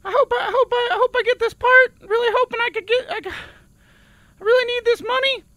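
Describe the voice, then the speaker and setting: A man voicing a high-pitched little boy auditioning to play a planet, whiny and pleading. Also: steady tone, fairly quick, bright, forceful tone, no room sound. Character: squeaky-voiced boy actor auditioning as a planet.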